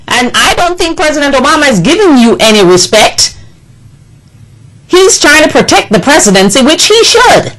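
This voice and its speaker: A woman's voice: a little high, fairly bright tone, low-quality recording. A woman delivering an impassioned political monologue, indignant and scolding, with emphatic repetition. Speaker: political commentator.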